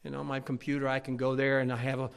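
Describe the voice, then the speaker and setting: A man preaching a sermon, swinging between loud fervent passages and quiet intimate asides. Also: mid-range voice, completely flat delivery, fast, vocal fry, clear, resonant tone. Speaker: pastor.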